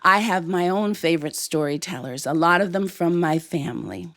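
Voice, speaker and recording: An older woman telling a personal story to a live audience on stage, expressive and playful. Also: on the low side, normal speed.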